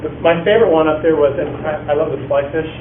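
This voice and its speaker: Animated man speaking in an echoey hall. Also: on the high side, fast. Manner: animated storyteller, laughs often, acts out quotes. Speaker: music teacher speaking at a workshop. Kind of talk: conference talk. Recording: echoey, distant, phone-like, faint noise.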